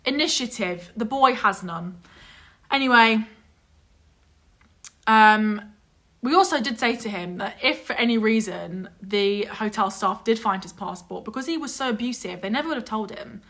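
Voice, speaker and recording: Bright, animated young woman telling a story. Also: on the high side, normal speed. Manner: animated, exasperated, swears freely, mimics others. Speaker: vlog guest telling a story. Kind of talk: casual storytelling chat.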